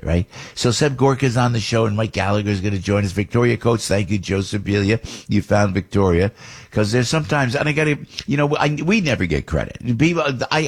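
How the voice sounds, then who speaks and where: A man hosting a radio show, chatting in a rambling, excitable way and laughing often. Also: lowish voice, breathy edge. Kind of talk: casual radio banter.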